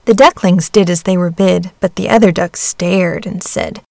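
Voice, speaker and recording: A woman narrating a storybook fairy tale in an even, measured manner. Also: lowish voice, creaky, no echo, studio quality. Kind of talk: storybook reading.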